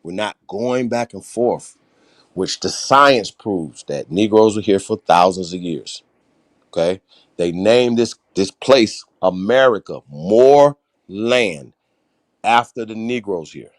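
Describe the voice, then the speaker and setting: A man's voice: lowish voice, animated, slow pace. A man hosting a livestream, talking bluntly and emphatically, with a lot of swearing. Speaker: host. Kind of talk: livestream political talk.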